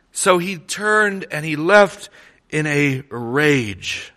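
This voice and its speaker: A man preaching a sermon, retelling stories in an animated, conversational way with frequent restarts. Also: on the high side, drawn-out words. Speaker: pastor.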